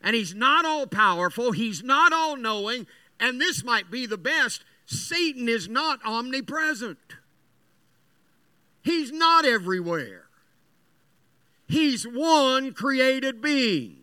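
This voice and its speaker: A man preaching with a very high, sharp and bright voice, unhurried in his delivery. He mixes folksy stories with earnest, emphatic points. The sound is dry and close. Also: big pitch swings, no room sound. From West Virginia. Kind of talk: sermon.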